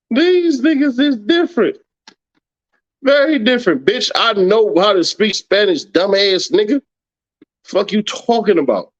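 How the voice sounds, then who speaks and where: A man's voice: high voice, animated, unhurried. A man hosting a late-night livestream, ranting profanely and mockingly at critics, laughing often. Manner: brash, mocking, laughs a lot. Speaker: livestream host. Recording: dull lo-fi stream audio.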